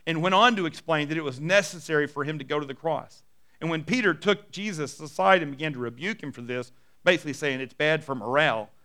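A middle-aged male pastor preaching a sermon and telling stories, dropping soft and low for quoted lines.

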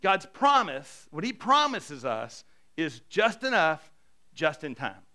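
A middle-aged man preaching a sermon as a pastor, animated and self-deprecating, swinging between hushed and loud. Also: a little high, slow.

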